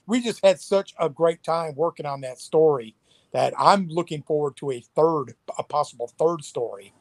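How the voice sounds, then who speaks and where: A man's voice: fairly high pitch, moderate pace, no echo. Male editor guest, friendly chatter, dead-dry close mic. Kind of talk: casual interview chat.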